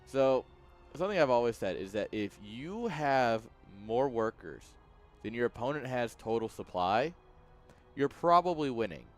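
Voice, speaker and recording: Faint music plays as a man with a mid-range voice commentates a strategy game at a measured pace, his pitch swinging widely. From his home streaming room with a webcam, he chats easily, laughs often, and speaks right to his viewers.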